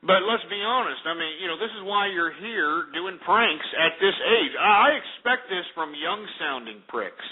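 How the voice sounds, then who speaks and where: A man's voice: high-pitched, animated, moderate pace, hardly any pauses, slightly rough. A man hosting a call-in radio show, ranting and hurling insults at callers. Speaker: radio talk show host. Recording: lo-fi phone-like radio audio.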